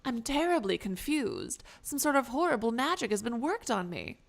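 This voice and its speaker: A woman voicing a reindeer who was turned into a confused man, explaining his story slowly and earnestly. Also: on the high side, sing-song, creaky. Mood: bewildered. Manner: slow, earnest, bewildered storytelling.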